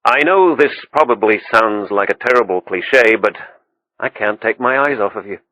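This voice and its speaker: A man voicing an earnest, smitten naval officer who talks in a warm, slightly hesitant way. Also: lowish voice, expressive, moderate pace, dry recording. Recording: dull, dry audiobook recording.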